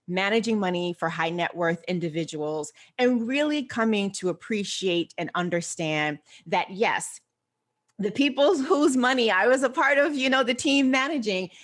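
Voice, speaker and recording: An older woman, a financial behaviorist, telling her story as a guest in an interview in a measured, articulate way. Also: medium pitch, expressive, fairly bright tone. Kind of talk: interview answers.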